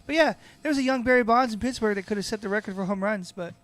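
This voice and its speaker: High, fast-talking blunt man. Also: fairly bright tone, no echo. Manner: blunt, opinionated, quick to laugh. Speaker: podcast co-host. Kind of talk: casual podcast chat.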